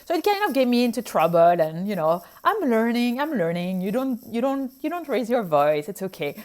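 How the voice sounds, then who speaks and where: A woman with a French accent tells stories from her work as a doctor in a casual, lively way. She acts out what she and others said, and her voice jumps higher for those quoted bits. Her voice sits a little high and moves a lot. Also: moderate pace. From France. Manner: animated storytelling, acts out her own past reactions. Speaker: physician sharing her experiences. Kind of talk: casual chat.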